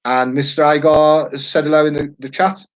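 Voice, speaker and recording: A man's voice: on the high side, little pitch movement, fairly quick, low-quality recording. Chatty man hosting a quiz. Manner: chatty, jokey, rambling asides. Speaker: quiz host. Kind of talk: casual live-stream chat.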